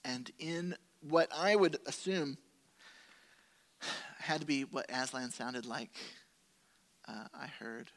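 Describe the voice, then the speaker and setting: A male pastor preaching a sermon, telling a personal story with animated quoted asides and humor. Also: medium pitch, slow pace, pauses often.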